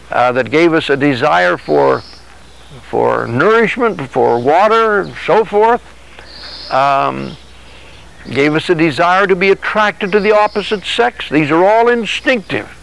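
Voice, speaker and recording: A man's voice: fairly high pitch, lively intonation, unhurried, vocal fry, fairly bright tone, low-quality recording. A man preaching a sermon in an earnest way, acting out dialogue as he teaches. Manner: earnest, acts out dialogue with God and his body.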